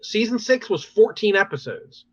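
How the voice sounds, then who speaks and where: Bright-voiced man recapping shows on a podcast. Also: high-pitched, moderate pace, breathy edge, no echo, highs cut off. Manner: animated, rambling recaps with many fillers and laughs. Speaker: podcast host. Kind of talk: casual chat recapping TV episodes.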